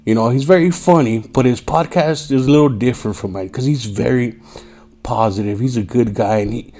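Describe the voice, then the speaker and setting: Speaking fairly quickly with a warm tone at medium pitch, the man runs a laid-back solo podcast and sounds tired. His talk is streetwise and full of profanity and "yo," and he loudly impersonates angry drivers.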